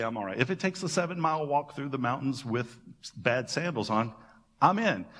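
A man pastor giving a sermon, retelling scripture as casual, animated storytelling with playful asides. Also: mid-range voice, long reverb tail.

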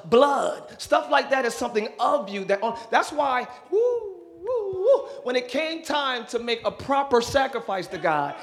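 A middle-aged man preaching a sermon in church as pastor. He moves from calm teaching to shouted, fervent preaching and breaks in with whoops and jokes for the congregation. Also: extremely high pitch. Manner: interjects "woo" and jokes with the congregation.

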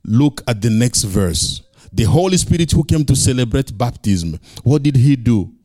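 A man's voice: mid-range voice, animated, moderate pace, mellow, dry recording, clean studio sound. A male pastor preaching a sermon, emphatic and repeating key phrases.

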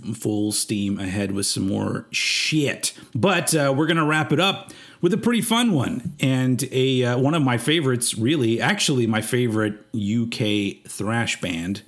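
A man's voice: mid-range voice, animated, a little slow, few pauses, a bit bright. Rambling, cussing podcast host man. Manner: rambling, many fillers and swearing. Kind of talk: casual podcast chat.

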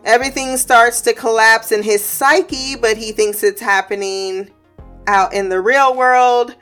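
A woman's voice: a little high, fairly even intonation, unhurried, fairly bright tone, soft background music. A woman giving a casual episode recap, chatty, laughing often, swearing and acting out quotes. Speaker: show recap host.

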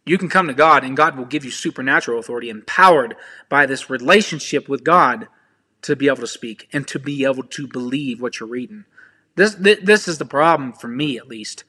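A man's voice: medium pitch, brisk, sharp tone, slightly rough. A man preaching informally, sharing personal testimony in an earnest, pleading way and speaking straight to his listeners. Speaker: ministry speaker.

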